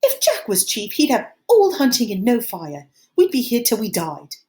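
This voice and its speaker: Audiobook: woman doing nervy, fussy schoolboy, high and squeaky, pleading. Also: wildly swooping pitch, normal speed, a little mellow. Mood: anxious. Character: anxious fat schoolboy with asthma, fussy. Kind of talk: audiobook reading.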